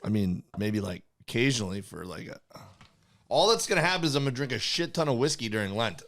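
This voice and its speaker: A man's voice: mid-range voice, big pitch swings, fast talker, fairly bright tone. A man co-hosting a comedy podcast, teasing his co-host in casual, playful banter.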